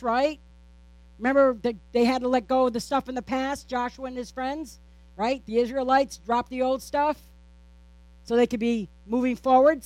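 A woman's voice: high-pitched, no room sound. Playful woman preacher, dry close sound. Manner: playful, self-teasing asides and rhetorical questions; repetitive preaching cadence. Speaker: pastor. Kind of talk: sermon.

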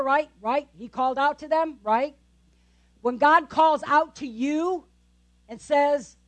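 A woman's voice: high-pitched, a little slow. A woman pastor giving a conversational sermon, often checking in with the congregation with tag questions.

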